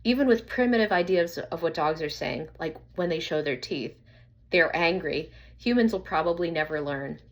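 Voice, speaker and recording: A woman reading a children's story aloud in an earnest, slightly halting way. Her voice sits somewhat low for a woman, and the telling stays plain and steady. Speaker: narrator.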